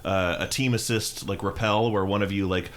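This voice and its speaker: A man's voice: on the low side, fairly even intonation, moderate pace. A man co-hosting a comedy podcast, telling stories and riffing in a laid-back way. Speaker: podcast co-host. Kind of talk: casual comedic chat.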